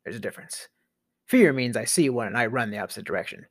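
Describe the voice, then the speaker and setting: A man rants in a comedic monologue, his pitch leaping and swooping as he piles on sarcastic disbelief. Now and then he sinks to a conspiratorial whisper to land a point. The recording is close and dry, with no room sound. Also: animated, fast talker, dry recording. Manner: exasperated, sarcastic ranting with mock disbelief; drops into a hushed whisper for emphasis. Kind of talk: scripted comedic rant.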